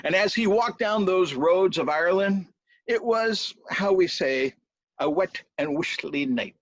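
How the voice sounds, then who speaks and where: A husky-voiced male storyteller telling a folk tale, his pitch swinging widely as he voices the footsteps and hoofbeats. The recording is dry and a little dull. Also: a little slow, no echo. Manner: animated, with spoken sound effects.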